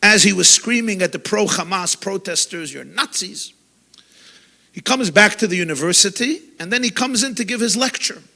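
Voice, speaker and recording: A man, a rabbi, delivering an impassioned sermon, swinging from loud outbursts to hushed tones. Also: high-pitched, expressive, moderate pace, vocal fry. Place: lecture gathering.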